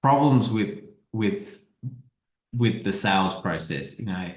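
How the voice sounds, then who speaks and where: A man with a lowish voice talks through a slideshow presentation on marketing. He speaks in a casual, conversational way, often stumbling and repeating a word before he finds his phrasing. The sound has a roomy echo around it. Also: lively intonation, slow.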